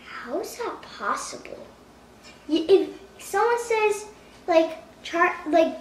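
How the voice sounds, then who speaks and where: A woman's voice: very high-pitched, sing-song, slow pace, recorded from a distance, a little hiss or hum. A woman hosting a comedic spoof vlog at home, talking in a playful, mock-dramatic way with exaggerated gasps and alarm. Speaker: vlogger. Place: at home indoors. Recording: echoey room, voice from off-mic.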